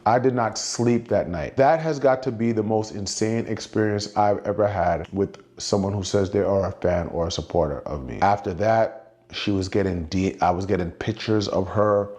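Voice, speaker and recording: A man's voice: on the low side, moderate pace, a little mellow. A middle-aged man casually telling a story on a podcast, retelling dialogue with frequent "I was like" asides. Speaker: guest storyteller.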